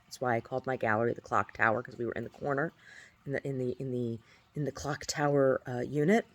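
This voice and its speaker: A woman's voice: very deep voice, steady tone, fast talker. A woman talking casually into her video diary at home, rambling and aggrieved, often restarting her phrases. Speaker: video diarist.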